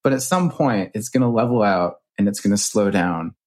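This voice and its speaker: A man in his thirties, a podcast guest and author, telling reflective stories in an earnest, animated way with casual swearing. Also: lowish voice, normal speed. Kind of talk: reflective storytelling.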